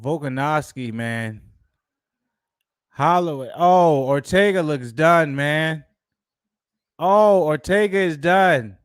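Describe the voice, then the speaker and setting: A man's voice: fairly high pitch, slow pace, pauses often, smooth, no echo. Hyped man reacting to a fight. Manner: hyped, slangy, repetitive exclamations. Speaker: channel host. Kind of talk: live fight watch-along commentary.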